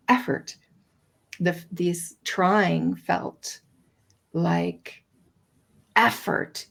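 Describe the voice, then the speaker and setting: A woman's voice: lowish voice, creaky, fairly bright tone, husky. A woman co-hosting a podcast, talking in a reflective chat, hesitant and searching for her words. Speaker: podcast co-host.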